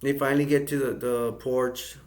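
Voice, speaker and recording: A man from the United States casually recapping a film's plot in a flat, rambling way. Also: mid-range voice, moderate pace. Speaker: movie reviewer.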